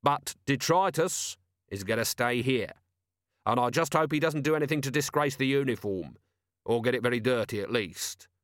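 A man's voice: medium pitch, moderate pace, a bit bright, dry recording, lightly acted. A man voicing a weary male watch commander with a dry, ironic, clipped manner, in an audiobook. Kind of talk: audiobook character voice.

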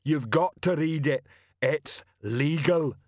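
A man doing a slow, bellowing troll sergeant. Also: on the high side, no echo, studio quality, pitched above the performer's own voice. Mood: blunt. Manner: slow, bellowing, struggles with words. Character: huge slow-witted male troll sergeant. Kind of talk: audiobook character voice.

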